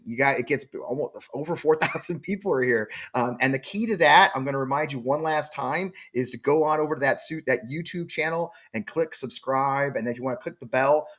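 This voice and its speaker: A man in his forties, pitched in the middle range, who hosts a live show. He talks bluntly and defiantly and swears freely. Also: a bit bright. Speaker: show host.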